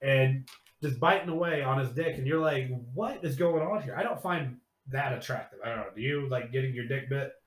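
Animated, profane man in an echoey room. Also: mid-range voice, a little fast. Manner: animated storyteller, swears freely, laughs often. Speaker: podcast host. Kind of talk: casual chat, recapping a scene.

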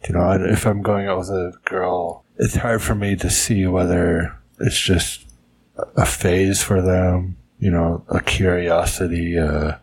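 Deep-voiced man reflecting, faint hiss. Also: steady tone, a little slow, poor audio. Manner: reflective, hesitant restarts. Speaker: expat panelist. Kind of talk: casual group chat.

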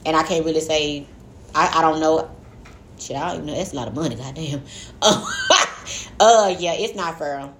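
Candid slangy young woman co-host, lowish voice. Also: fairly quick, a little hiss or hum. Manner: candid, profane, laughing, loose slangy talk. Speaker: podcast co-host. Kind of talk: casual podcast chat.

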